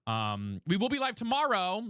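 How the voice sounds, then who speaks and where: A man's voice: high voice, wildly swooping pitch, moderate pace, fairly bright tone, clean tone, dry recording, studio quality. A man streaming a game live, chatting with viewers and swearing, a little tired after hours on air. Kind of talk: live gameplay commentary and chat.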